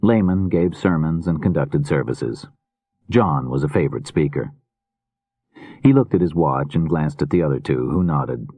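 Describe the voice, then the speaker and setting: A man reading a mystery novel aloud in a measured, steady narration. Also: a bass voice, slightly rough, no room sound. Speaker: audiobook narrator. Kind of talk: scripted narration.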